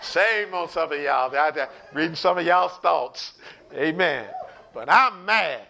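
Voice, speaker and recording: A man's voice: high-pitched, moderate pace, gravelly, sharp tone. A man teaching an online Bible study sermon, preaching with animation, acting out quotes and speaking straight to his listeners.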